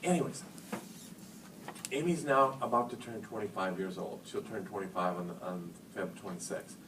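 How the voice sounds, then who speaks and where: A man in his fifties giving a lively, joking talk to an audience of educators, acting out phone calls as he tells stories. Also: on the low side, normal speed. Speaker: speaker at an education workshop. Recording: roomy hall, speaker far from mic, noisy.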